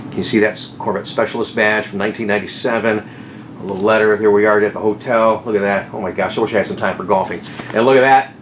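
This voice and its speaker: A middle-aged man telling stories about his car sales career in a casual vlog, excited, often laughing and acting out what people said. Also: lowish voice, fast talker, roomy sound, a little hiss or hum. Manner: excitable, laughing, acts out quotes. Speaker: car salesman and channel host.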